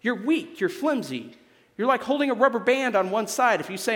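A young adult man from Missouri preaching a sermon as a guest speaker, animated and joking with the congregation. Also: sits high, fairly quick, long reverb tail. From Missouri, USA. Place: church sanctuary.

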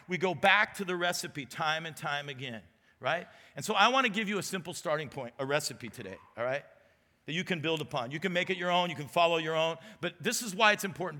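A high, bright-toned man in his forties preaches a casual, joking sermon as executive pastor. He talks like he is chatting with the room, often tossing in a quick "right?". His voice rings out with the long reverb of a big church hall. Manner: chatty, self-deprecating, keeps checking in with "right?". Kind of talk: conversational sermon. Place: church auditorium.

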